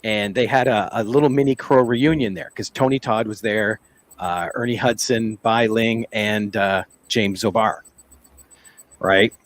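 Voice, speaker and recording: A man's voice: fairly low pitch, steady tone, unhurried, poor audio. A man hosting a casual podcast chat, telling anecdotes in an easygoing way and laughing often.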